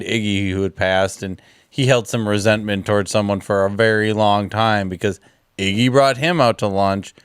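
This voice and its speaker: Chatty animated man on a podcast. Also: on the low side, clean tone, no room sound, clean studio sound. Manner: animated, chatty, lots of fillers. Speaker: podcast co-host. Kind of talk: casual chat.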